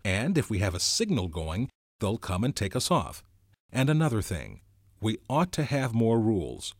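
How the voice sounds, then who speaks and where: A man voicing an earnest schoolboy chief in a novel reading, speaking in a steady, persuasive way. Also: fairly low pitch, moderate pace, no room sound, clean studio sound.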